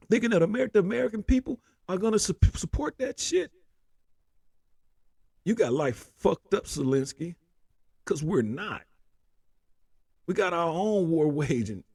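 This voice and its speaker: Gravelly high-voiced man ranting. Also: lively intonation, moderate pace, pauses often, dark tone, no echo. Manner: heated, profane, preachy. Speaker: political commentary host. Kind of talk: ranting commentary.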